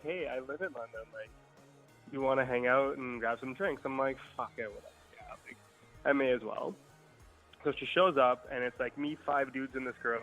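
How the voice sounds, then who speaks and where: A man's voice: mid-range voice, fairly bright tone, low-quality recording. A young man casually telling a long, profane party story on a podcast, laid-back and swearing freely. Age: young adult. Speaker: guest storyteller.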